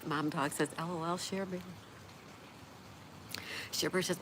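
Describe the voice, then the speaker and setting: Woman reading chat comments on her stream, kinda low voice, laughs a lot, noisy background. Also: steady tone, slow. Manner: reads viewer comments aloud, chatty, laughs often. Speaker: livestream host reading chat. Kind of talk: casual livestream chat. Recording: noticeable background noise.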